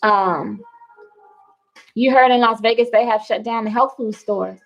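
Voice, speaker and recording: A young woman chats loosely on a livestream from home, her voice sitting somewhat high. She laughs easily and talks to her viewers by name as she goes. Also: fairly even intonation, measured pace, vocal fry, poor audio. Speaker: wellness livestream host. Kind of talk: casual livestream chat. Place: at home indoors.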